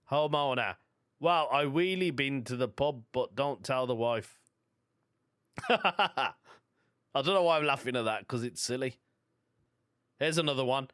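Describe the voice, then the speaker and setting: A man's voice: medium pitch, fairly bright tone, no room sound, studio quality. A man with a Birmingham accent hosting a solo comedy podcast, chatty and self-amused, reading jokes aloud and laughing at them. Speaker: podcast host.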